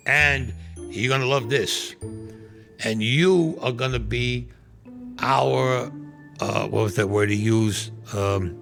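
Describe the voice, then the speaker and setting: A man's voice: on the low side, unhurried, gravelly, music in the background. An older man telling a story in a blunt, streetwise way and swearing freely. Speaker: interviewee. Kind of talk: casual storytelling.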